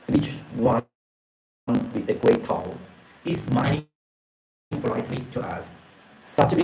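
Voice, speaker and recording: Halting, gravelly man retelling a story. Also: mid-range voice, warm tone, reverberant, low-quality recording. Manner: halting, repeats words, fills with okay and yeah. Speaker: presenter retelling a book's story. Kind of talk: casual storytelling and reading aloud.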